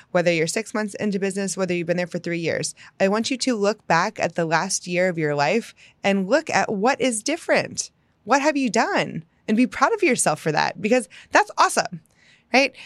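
A woman's voice: mid-range voice, no room sound. A woman business coach hosting her own podcast, giving an enthusiastic, emphatic motivational talk that often checks in with "right?".

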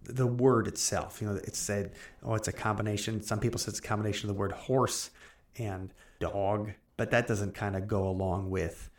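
A man co-hosting a podcast, reading old newspaper clippings aloud in a brisk, animated way and chatting loosely in between. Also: lowish voice. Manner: reads quotes in a brisk, animated way, then chats loosely. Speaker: podcast co-host.

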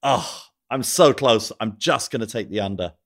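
A man's voice: fairly low pitch, lively intonation, moderate pace. A man co-hosting a casual podcast chat, with a dry, wordy, mock-formal wit. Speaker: podcast co-host.

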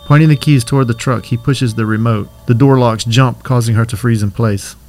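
A man's voice: mid-range voice, fairly even intonation, a little fast, darkish tone. Man narrating horror over faint music.

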